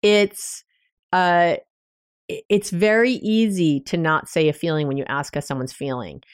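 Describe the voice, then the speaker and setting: A woman's voice: lowish voice, steady tone, a little slow, smooth, no room sound, studio quality. A woman, a couples therapist hosting her own podcast, talking relationship advice in a conversational, anecdotal way with small laughs and restarts. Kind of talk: solo podcast advice talk.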